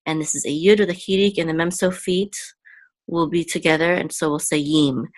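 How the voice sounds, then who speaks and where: A woman teaching a reading lesson, patient and careful, often pausing with ums and repeating syllables. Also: sits low, steady tone. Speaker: Hebrew teacher.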